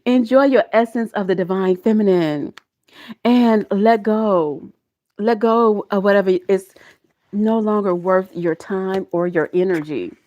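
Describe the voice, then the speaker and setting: A middle-aged woman gives a live tarot reading to her viewers. She talks in a folksy, emotional way and slips into preachy encouragement. Her voice sits at a middle pitch. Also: unhurried, dark tone, lo-fi sound. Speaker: tarot reader.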